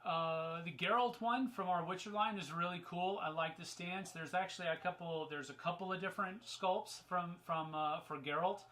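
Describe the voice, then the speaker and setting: A man hosts a casual live-stream Q&A from his desk, answering viewer questions in a loose, rambling way full of fillers and restarts. His voice sits a bit high and rings bright and forward. On topics he enjoys he turns emphatic and upbeat. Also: normal speed, few pauses, low-quality recording. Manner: gets excited and emphatic on fun topics.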